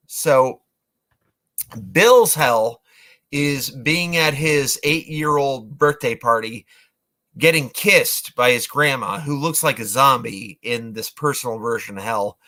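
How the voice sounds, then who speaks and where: A man's voice: medium pitch, bright, forceful tone. A man retelling a movie plot casually, rambling with lots of fillers and acting out lines. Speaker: movie reviewer.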